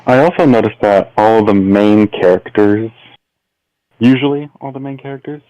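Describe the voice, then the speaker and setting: Low dark-toned guest, dry sound, thoughtful pauses. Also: male voice, no room sound, highs cut off. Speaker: stream guest. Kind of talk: casual chat on a stream.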